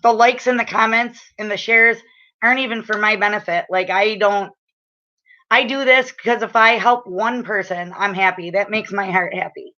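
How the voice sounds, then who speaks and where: A woman giving a casual live-stream oracle card reading, rambling with lots of fillers and restarts, and getting loud and excited as she talks. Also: mid-range voice, normal speed, muffled recording. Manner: excitable and loud when enthused.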